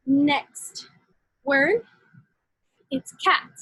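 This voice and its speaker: A woman teaching a phonics lesson to young children, slow and encouraging. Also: sits high, sing-song, fairly bright tone, no room sound, low-quality recording.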